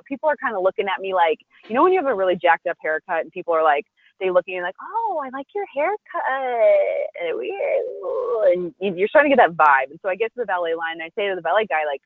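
A woman, a restaurant founder, telling a personal story in an interview, animated and acting out the voices of the people she quotes. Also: fairly low pitch, racing, no echo, narrow, tinny audio. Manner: conversational, with frequent "like" and restarts.

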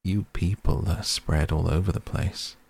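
A man with a deep, slow, gravelly voice voicing a dry, self-satisfied talking cat in a storybook reading. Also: darkish tone, heavily acted. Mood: dry, aloof. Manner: dry, unhurried, superior.

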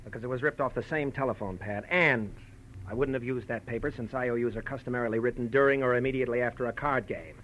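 A man's voice: medium pitch, quick pace, dull audio, natural voice. A cold, gloating swindler played by a man, smug and menacing as he holds the upper hand. Old radio drama sound with a faint hiss behind him. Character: scheming male swindler with a gun, cold and smug. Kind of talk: 1940s radio acting.

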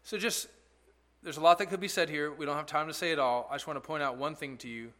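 A man's voice: on the high side, quick pace, a bit bright. A male pastor giving an expository sermon in an earnest, conversational way, asking rhetorical questions.

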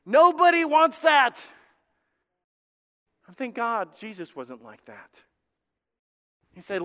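High-voiced preaching man in a hall. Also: sing-song, takes it slowly, pauses often, bright, forceful tone. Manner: preaching with dramatic shifts in volume, acting out God's voice. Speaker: pastor. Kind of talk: sermon. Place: church sanctuary with congregation. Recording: reverberant hall.

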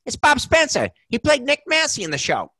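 A man putting on the voice of an excitable older male actor who repeats himself in loud, high bursts. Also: fairly quick, no room sound, studio quality, exaggerated voice. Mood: eager.

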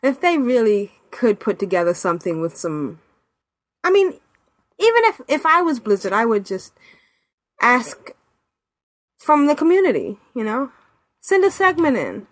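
A woman with a fairly high, lively voice that climbs and dips as she talks. She hosts a podcast in casual chat, animated and chatty, laughing often. The sound is dry and close, with no room around it. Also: unhurried, pauses often, dry recording. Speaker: podcast host.

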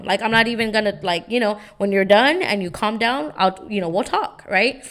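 She speaks briskly in a mid-range, fairly bright voice, barely pausing. As a young podcast host giving casual motivational talk about parenting, she's earnest and repeatedly asks "right?".

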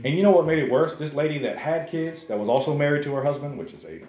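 A man preaching a sermon to a congregation in a conversational, animated way, often calling the listeners "guys". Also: fairly high pitch, fast talker, reverberant. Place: church service.

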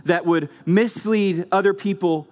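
A man's voice: sits high, measured pace, a little mellow. A man preaching a sermon as pastor, emphatic, driving points home with short repeated phrases.

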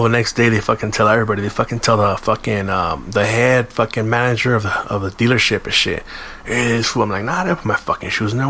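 A man's voice: mid-range voice, fairly bright tone, slight background noise. A man, hosting a podcast and telling a long, profane, slangy story in a casual way. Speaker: podcast host.

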